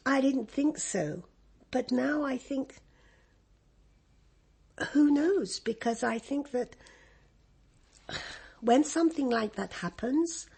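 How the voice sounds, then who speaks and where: A woman's voice: fairly high pitch, slightly rough. An older woman from Egypt with an English accent, reminiscing in an interview, rambling and laughing often with many restarts.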